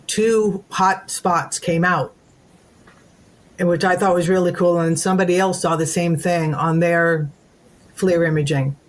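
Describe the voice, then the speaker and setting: A woman who runs paranormal events, telling a story in long run-on sentences in a casual chat. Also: fairly low pitch. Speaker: event host, paranormal investigator.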